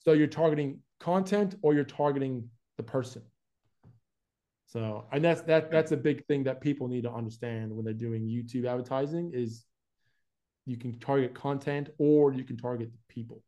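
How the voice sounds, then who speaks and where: At a moderate pace and medium pitch, this young man from Florida chats easily as a guest on an interview, drawing on his work as a YouTube advertising specialist. His speech mixes American and Australian accents and is peppered with "man" and "like," all captured in lo-fi sound.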